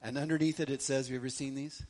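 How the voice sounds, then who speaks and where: A middle-aged man preaching a sermon as a pastor, swinging between loud emphasis and hushed lines, repeating phrases for effect. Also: mid-range voice, fairly even intonation, racing, a little hiss or hum.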